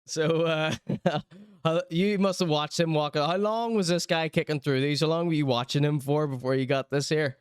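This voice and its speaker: A podcast host from Northern Ireland reviews viral clips in a casual, chatty, sarcastic way, laughing often. His voice is fairly high and clean, with fairly even intonation and a moderate pace, captured in a dry, studio-quality recording.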